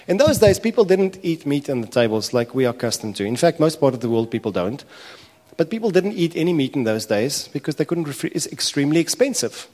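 A man preaching a sermon, telling a parable with animated, acted-out voices. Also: on the high side. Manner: animated storytelling, acting out characters' complaints. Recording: echoey hall reverb.

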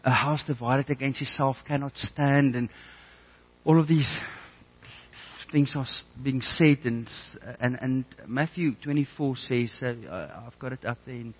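A man preaches earnestly, weaving a personal story into his message. He often stumbles and repeats words as he restarts his sentences. His pitch sits in the middle, and the recording sounds a little dull. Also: unhurried, slightly rough. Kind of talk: sermon with personal testimony.

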